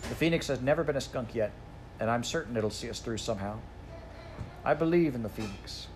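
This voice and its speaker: A man's voice: medium pitch, brisk, a little hiss or hum, natural voice. A man reading aloud, voicing an earnest, defiant young boy in a storybook. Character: bold young boy who insists he is not frightened.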